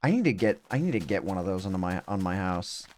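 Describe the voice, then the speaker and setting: A man's voice: sits low, sing-song, fast talker, darkish tone. A young adult man streaming a game live, thinking aloud in a rambling way with self-mocking asides.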